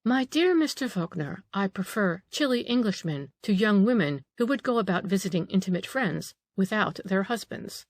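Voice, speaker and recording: A woman reading the part of a proud, sharp, motherly Italian marchesa who scolds a young man. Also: medium pitch, lively intonation, normal speed, no room sound. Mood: scolding.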